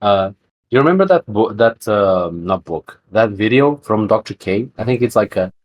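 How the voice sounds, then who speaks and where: A man's voice: fairly low pitch, expressive, normal speed, muffled recording. A man co-hosting a podcast in casual chat, rambling with lots of fillers and restarts. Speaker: podcast co-host.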